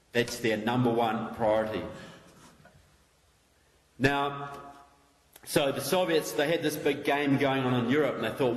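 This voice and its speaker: A man from New Zealand with a New Zealand accent, giving an emphatic political lecture to a live audience in a large hall and putting direct questions to the crowd. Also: mid-range voice. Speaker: guest speaker. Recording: echoey hall recording with long reverb.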